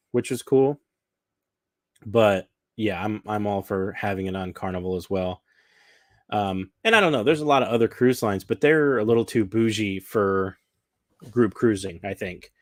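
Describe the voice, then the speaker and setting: A cruise vlogger chatting casually, his voice sitting a little low. He talks with bubbly enthusiasm and wanders through his points with plenty of ums and likes. The sound is close and dry, with no room around it. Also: moderate pace, no room sound. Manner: chatty and enthusiastic, rambling with fillers. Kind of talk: casual chat.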